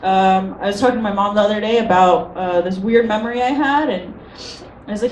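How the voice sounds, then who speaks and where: A woman's voice: mid-range voice, fairly quick, darkish tone. A woman in her twenties doing a stand-up comedy set, self-deprecating and hesitant with many ums. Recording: roomy venue from a distance, noisy.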